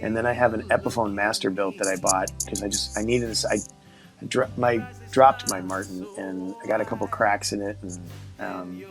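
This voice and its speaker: A man's voice: on the low side, a bit bright, rough recording. A man hosting a casual interview, enthusiastic and a little rambling. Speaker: host. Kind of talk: casual video-call interview.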